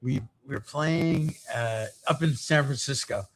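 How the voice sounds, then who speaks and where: A man's voice: mid-range voice, measured pace. A middle-aged man telling stories as a podcast guest in casual chat. He rambles and swears constantly as he talks. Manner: profane, rambling, heavy swearing. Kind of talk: casual storytelling.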